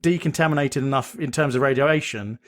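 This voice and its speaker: A man's voice: medium pitch, a little fast. A man co-hosting a podcast in casual chat, rambling, restarting and joking. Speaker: podcast co-host.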